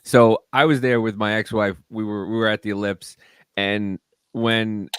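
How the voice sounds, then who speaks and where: A man's voice: lowish voice, measured pace, clean tone, dry recording, clean studio sound. A man in casual podcast chat, animatedly telling a story and acting out what people said. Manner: animated storytelling, acts out quotes.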